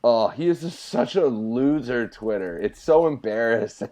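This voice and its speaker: A man talking as a podcast guest in casual chat, excitable and jumping high in pitch when he jokes. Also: moderate pace.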